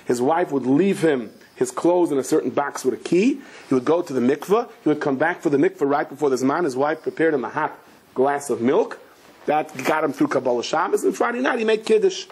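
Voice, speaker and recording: A husky-voiced rabbi gives a lively Torah lecture, his voice sitting a little high for a man. He tells stories as he teaches and mixes Hebrew and Yiddish terms into his English. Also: a little fast. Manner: acts out the characters in a story with sudden high, shouting outbursts. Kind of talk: animated Torah lecture with storytelling.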